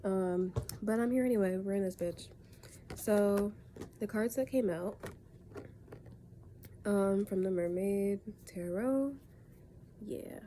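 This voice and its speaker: Speaking at a medium pitch with a warm tone, she moves slowly and leaves long pauses, over a little hiss or hum. The tarot reader is a young woman in bed at home with a stuffy cold, her casual reading rambling and self-correcting.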